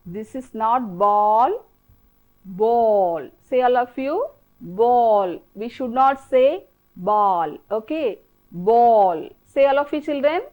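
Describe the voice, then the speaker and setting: A woman teacher with an Indian English accent, speaking high and sing-song with lively rises and falls. She works slowly and patiently, repeating each word and coaxing the class to say it back. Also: narrow, tinny audio. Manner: slow, repetitive, coaxing drill-style prompting. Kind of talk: televised classroom English lesson.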